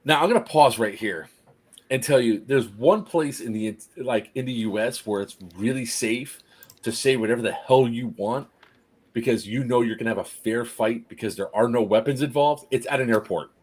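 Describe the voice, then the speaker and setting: A man telling a story casually on a live stream, animated, laughing often and acting out the people in it. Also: mid-range voice, normal speed, slightly rough.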